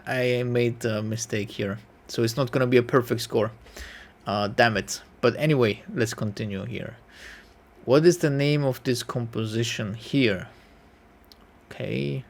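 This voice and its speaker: A man's voice: mid-range voice, vocal fry. A man taking a music quiz on camera, thinking aloud, correcting himself and humming passages. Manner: musing, self-correcting, hums melodies. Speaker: piano YouTuber taking a quiz.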